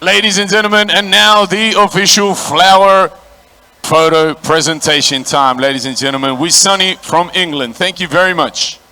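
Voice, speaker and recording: High, bright-voiced ring announcer. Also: male voice, moderate pace, clean tone. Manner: booming, crowd-working, calls out to the audience. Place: boxing stadium.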